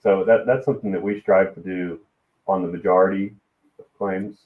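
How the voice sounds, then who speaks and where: A man from the American South with a Southern accent, a podcast guest speaking in a measured, hesitant way with many pauses. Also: low-pitched, fairly even intonation, distant mic. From Alabama, US South. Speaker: guest, risk management executive. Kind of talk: casual podcast conversation. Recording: tinny phone-like line in an echoey room.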